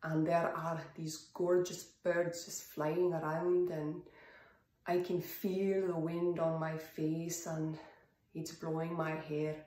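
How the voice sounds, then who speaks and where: A woman doing a put-on Scottish accent while slowly narrating a calm beach visualization. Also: low-pitched, roomy sound. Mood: dreamy. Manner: slow, dreamy visualization.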